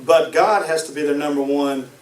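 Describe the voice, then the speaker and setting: Emphatic preacher with a high voice. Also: male voice, normal speed, far from the mic, a little hiss or hum. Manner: emphatic, repeats key phrases. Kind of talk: sermon. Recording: echoey room, voice from off-mic.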